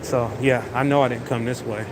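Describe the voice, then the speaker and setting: A man's voice: medium pitch, fairly even intonation, brisk. Rambling man livestreaming while walking. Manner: rambling, easygoing, talks to viewers as y'all. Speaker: livestream host. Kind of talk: casual walking livestream chat. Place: large indoor convention venue. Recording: noisy venue background.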